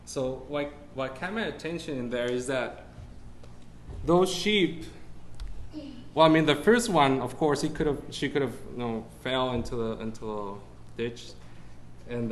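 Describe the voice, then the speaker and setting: A man's voice: medium pitch, normal speed, slight background noise. Man preaching a sermon. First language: Spanish. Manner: searches for English words, rises when preaching.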